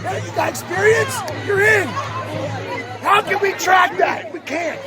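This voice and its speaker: A man's voice: very high voice, measured pace. A man confronting police at a street protest, angry, profane and close to tears. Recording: loud crowd and music outdoors. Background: loud crowd and music.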